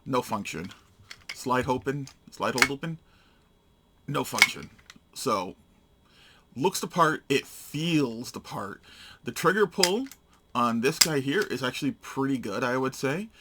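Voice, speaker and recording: A man's voice: mid-range voice, animated, measured pace, noisy background. A man giving a casual, hands-on product demonstration, narrating each step in short, matter-of-fact phrases. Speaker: gun reviewer.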